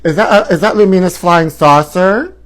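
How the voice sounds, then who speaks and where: A man's voice: sits high, moderate pace, slight background noise. A man in his forties hosting a live gossip talk show, flamboyant and sassy, calling his viewers honey. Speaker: host.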